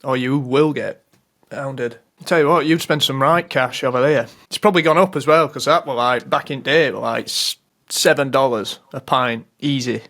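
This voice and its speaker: A man's voice: medium pitch, normal speed, fairly bright tone. Man ranting about pet peeves. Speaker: podcast co-host. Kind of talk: casual chat.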